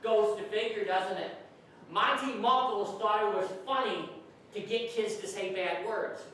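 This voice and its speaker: A man's voice: high voice, steady tone, measured pace, sharp tone. A man telling playful comic stories to children in a church, chatting with them and asking them questions. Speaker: children's entertainer. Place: church hall. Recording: very echoey hall, distant, faint hiss.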